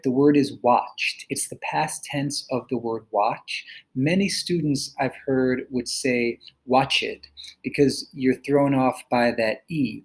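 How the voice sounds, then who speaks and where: A young adult man, a teacher, narrating a recorded online lesson, slowing down patiently to sound out words. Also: mid-range voice, darkish tone, husky, poor audio.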